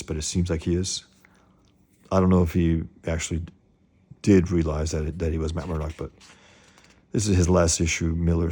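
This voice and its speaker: A man giving casual, opinionated commentary on comics, often halting and restarting as he wanders off topic. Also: sits low, warm tone, husky.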